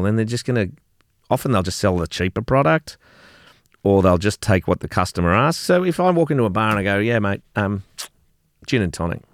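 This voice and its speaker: A middle-aged Australian man talks in a rambling, storytelling way, doubling back on his words and tossing in the odd swear. His voice sits fairly low. The sound is dry and close, with no room echo. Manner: chatty storyteller, repeats words, swears casually. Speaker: gin company co-founder, guest. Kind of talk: casual interview chat.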